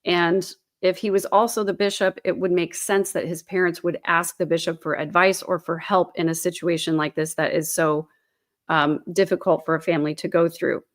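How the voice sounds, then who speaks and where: A woman's voice: fairly low pitch, flat delivery, moderate pace. A woman hosting an online commentary show, reading news articles aloud at her computer and adding her own speculation in a chatty, filler-laden way.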